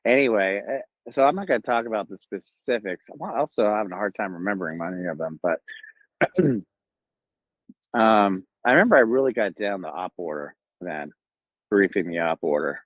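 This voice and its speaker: Man, Southern Californian accent, low voice, rambling casual storytelling, lots of fillers, dull lo-fi audio. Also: expressive, normal speed, dry recording. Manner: rambling, laid-back, many fillers and restarts. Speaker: Marine Corps veteran telling his story. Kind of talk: casual first-person storytelling. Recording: dull lo-fi, dry sound.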